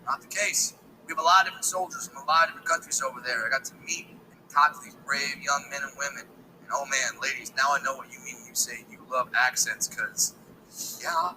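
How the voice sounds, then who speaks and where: A man doing stand-up comedy, telling an animated story full of acted-out voices. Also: medium pitch, fast talker, slight background noise, rough recording.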